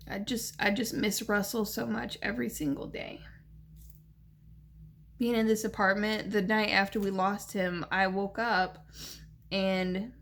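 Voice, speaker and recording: Young woman vlogging, creaky gravelly voice, halting and repeating herself, worn out from grief. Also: mid-range voice, fairly bright tone. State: grieving, lacking sleep. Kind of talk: tearful personal vlog.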